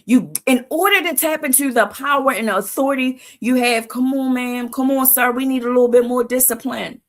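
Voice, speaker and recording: Preachy woman with a fairly high voice. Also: a little fast. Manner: preachy, repeats "Why?" before each answer; casual vernacular speech. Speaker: livestream host. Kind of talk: motivational talk.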